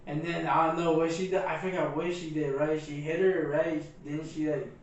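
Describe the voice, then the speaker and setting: A man's voice: on the high side, level tone, moderate pace, far from the mic, muffled recording. Laid-back slangy man in an echoey room. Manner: laid-back slangy, says "bro" a lot. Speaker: podcast co-host. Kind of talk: casual movie review chat.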